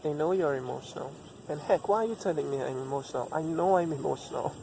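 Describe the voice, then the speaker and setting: A man's voice: on the high side, fast talker, vocal fry, poor audio. A man giving relationship advice in a reflective personal monologue, repeating himself for emphasis and asking rhetorical questions. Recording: steady background noise.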